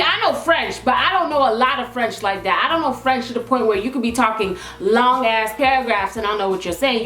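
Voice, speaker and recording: Young woman vlogger from Toronto, fairly high voice, animated slangy storyteller, echoey room with faint music. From Toronto, Canada. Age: young adult. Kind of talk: casual storytelling to camera.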